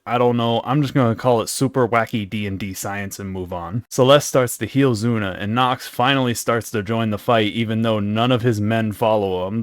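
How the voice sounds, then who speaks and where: A man's voice: lowish voice, no echo. Sarcastic young man, dry close mic. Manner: sarcastic, profane, rambling asides. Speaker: video creator. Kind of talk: comedic recap commentary.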